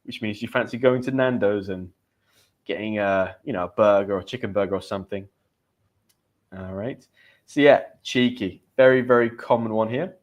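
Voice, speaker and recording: A man's voice: lowish voice, moderate pace, muffled recording. A man with a British accent teaching English slang in a live stream, chatting with viewers and reading out their comments.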